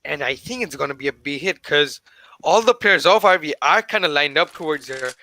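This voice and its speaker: A young man calls a live esports match in a high, very bright and cutting voice. He speaks in an excitable, casual manner and talks to his listeners like friends. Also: a little fast, no echo. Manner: excitable, casual, says "bro" to the audience. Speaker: esports caster. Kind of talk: live play-by-play commentary.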